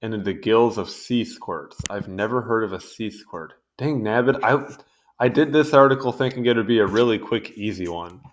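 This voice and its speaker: A man's voice: fairly low pitch, normal speed. A young man reading an encyclopedia article aloud and going off on amused, rambling asides in casual commentary. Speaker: video host reading a wiki article. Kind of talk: casual read-along commentary.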